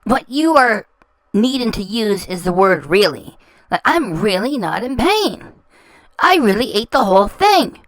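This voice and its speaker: A woman's voice: mid-range voice, big pitch swings, unhurried, no echo, poor audio. A woman hosting a reaction channel, talking over clips in a scornful, insulting way and often stumbling and repeating words. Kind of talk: mocking commentary over clips.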